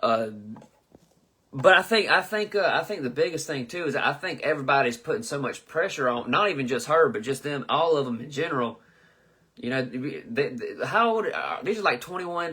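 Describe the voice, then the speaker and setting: A southern US man in his twenties hosts a live comedy chat, reading viewer comments and joking loosely with plenty of swearing and stumbles over names. His voice is medium-pitched, animated, moderately paced, sharp in tone and slightly rough.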